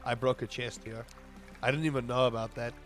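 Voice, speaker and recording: Rambling South African gaming streamer. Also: male voice, mid-range voice, steady tone, brisk, fairly bright tone, soft background music. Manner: rambling, jokey, talks to chat while playing. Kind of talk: casual gameplay livestream chat.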